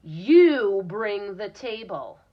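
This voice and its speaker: A woman putting on a bossy storybook lady pig. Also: on the low side. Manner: loud, slow, emphatic commands. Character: bossy, sassy grown female pig. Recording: dull lo-fi recording.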